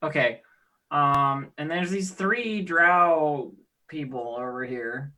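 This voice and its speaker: Easygoing man player, higher voice. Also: takes it slowly, pushed and bright. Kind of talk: tabletop game play.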